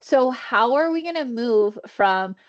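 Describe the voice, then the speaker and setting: A woman's voice: a little high, animated, a little slow. A woman trainer leading a virtual wellness session, talking in a conversational way and acting out inner thoughts, over a video call. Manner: warm conversational teaching, acts out inner thoughts. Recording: dull lo-fi video call audio.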